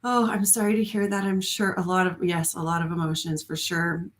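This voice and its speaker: A woman's voice: on the low side, level tone, a little fast, echoey room. A woman speaking as a spiritual coach on a live stream, talking earnestly and rambling with frequent ums and small laughs. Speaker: spiritual coach and card reader.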